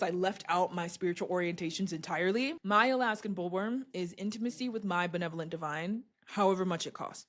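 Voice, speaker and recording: A young woman, a podcaster and video host, giving a casual motivational talk to camera, animated and laughing often, with big swoops in pitch.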